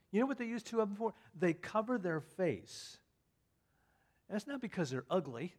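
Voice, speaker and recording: A man preaching a sermon, dropping to soft asides and then rising to loud emphatic declarations. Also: sits high. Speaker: pastor.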